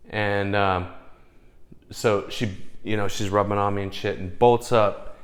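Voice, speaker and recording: A man's voice: fairly low pitch, flat delivery, slow, long pauses, fairly bright tone. A man telling a personal story in casual, profane speech, often checking in with "okay?". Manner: profane, emphatic, keeps asking "okay?". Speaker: vlogger.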